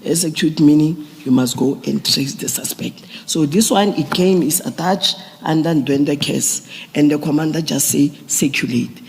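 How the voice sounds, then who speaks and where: A man, a police general giving deliberate, procedural testimony at a formal hearing. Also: a little high, fairly even intonation, creaky, darkish tone, slightly rough. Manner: deliberate, procedural, restarts phrases. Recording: long reverb of a large hearing room.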